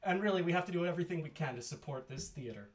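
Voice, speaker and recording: A man's voice: fairly high pitch, lively intonation, racing. A man hosting a live variety show casually, rambling with many fillers and poking fun at himself. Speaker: host.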